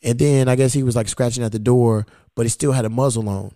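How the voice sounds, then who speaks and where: A man's voice: medium pitch, fast talker, no echo, clean studio sound. A man hosting a podcast, telling a story in casual chat, swearing a lot and acting out the exchanges he quotes. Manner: profane, animated retelling of quoted exchanges. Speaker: podcast host.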